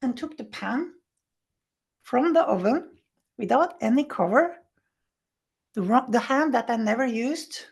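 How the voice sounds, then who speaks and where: Gravelly woman telling a story in halting English. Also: a little high. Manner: animated storyteller who acts out quoted speech; halting, non-native English with restarts. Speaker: interview guest. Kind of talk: personal recovery story told in conversation.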